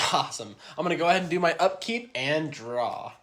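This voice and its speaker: A man's voice: a little high, a bit bright. A young man acting in comedy skits, blunt and exasperated, swearing casually. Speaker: comedy skit creator. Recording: roomy echo.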